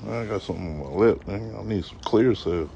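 Slangy low-voiced man spinning a street story. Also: a little fast, creaky, dark tone, dull audio, a little hiss or hum. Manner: loose, slangy, self-mocking, with asides to viewers. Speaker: comedic vlogger telling a story. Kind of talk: casual storytelling to a live-stream audience. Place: outdoors on a city street.

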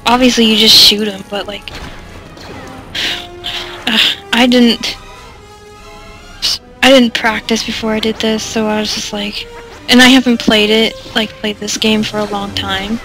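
A woman's voice: fairly high pitch, level tone, a little slow, long pauses, sharp tone, faint music behind. A woman casually commenting over gameplay, rambling and self-deprecating, with lots of fillers and giggles. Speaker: let's play commentator.

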